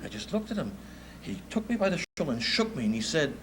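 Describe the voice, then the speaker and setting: New york guy in his 50s telling old stories, lively swings in his voice, slight room hum behind. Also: fairly high pitch, quick pace, poor audio. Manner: animated storyteller, laughs often. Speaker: music promoter giving a speech. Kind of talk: anecdotal speech.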